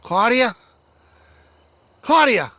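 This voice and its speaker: Guy doing a worried sixth grade kid out in the snow, storybook read-aloud, kinda high voice. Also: lively intonation, a little slow, no echo. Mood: calling out. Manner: inner thoughts, sometimes calling out. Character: sixth-grade boy lost in a snowstorm, earnest.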